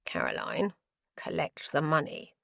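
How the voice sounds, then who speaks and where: A menacing, desperate villain, put on by a woman narrator, speaks in a low, threatening voice. The reading sounds close and dry. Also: wildly swooping pitch, measured pace, creaky, a bit bright, dry recording, full character voice. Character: desperate, menacing male criminal.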